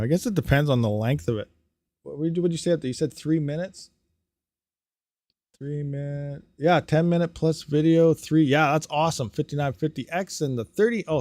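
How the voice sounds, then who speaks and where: A man hosting a casual livestream, ranting about hardware and reading out viewer comments, animated and quick to get riled up. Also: a little high, no room sound. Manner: animated, ranting, talks fast then trails off quietly. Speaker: crypto mining livestream host.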